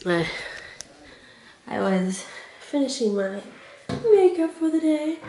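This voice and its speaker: Indoors at home, this young family vlogger from Oklahoma chats to the camera in a warm, high-pitched voice with lively intonation, taking her time. Her storytelling is loose and full of fillers, and a cold leaves her with a hacking cough.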